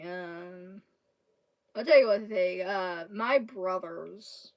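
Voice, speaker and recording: A woman's voice: lowish voice, a little mellow. A woman from Kentucky with a Southern accent, chatting to her livestream viewers, laughing often as she rambles through a story. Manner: laughing often, rambling with restarts and drawn-out words. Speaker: livestream host. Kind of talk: casual storytelling chat to viewers.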